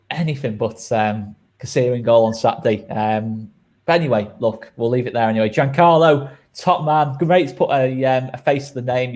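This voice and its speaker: Man, host, casual fan chat, mid-pitched voice, laughing banter. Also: a little mellow. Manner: chatty, laughing, exasperated banter.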